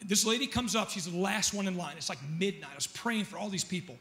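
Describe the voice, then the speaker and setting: A middle-aged man preaching a sermon in church, his voice very high and ringing bright. He tells a story with jokes and asides, then climbs into loud, fervent prayer. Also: fast. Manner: animated, joking storyteller who shouts at peaks. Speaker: pastor.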